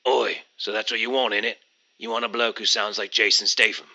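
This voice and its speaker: A man's voice: lowish voice, lively intonation, a little slow, pushed and bright, highs cut off, full character voice. A man voicing a male AI phone companion who speaks politely and formally. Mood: tough.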